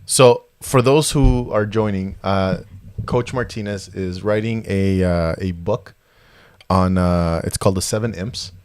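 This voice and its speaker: A man's voice: low voice, a little slow, darkish tone, clear, resonant tone, dry recording. A man hosting a podcast in casual chat, rambling with many fillers and restarts. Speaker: podcast host.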